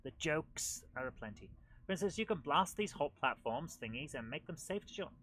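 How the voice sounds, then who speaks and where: A man hosting a retro gaming show, giving chatty, excitable commentary while he plays. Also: fairly high pitch, moderate pace, low-quality recording. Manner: chatty and excitable, with frequent laughs and exclamations. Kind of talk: live gameplay commentary.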